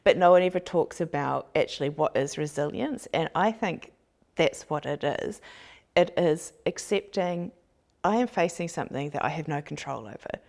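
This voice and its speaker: A woman's voice: deep voice, normal speed, gravelly, a little mellow. A woman hosting a podcast, talking in an earnest, reflective way during a casual chat. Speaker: podcast host.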